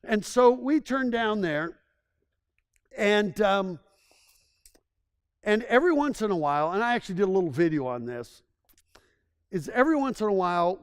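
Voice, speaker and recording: Man, high-pitched voice, enthusiastic presenter, rambling stories, frequent restarts, speaking to a live audience. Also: smooth. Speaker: presenter giving a town assessment.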